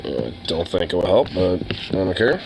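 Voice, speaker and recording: A man's voice: deep voice, very animated, normal speed, creaky, noisy background. A man grumbling and muttering to himself about yawning and a runny nose, casual and tired. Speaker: streamer. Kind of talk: casual solo talk.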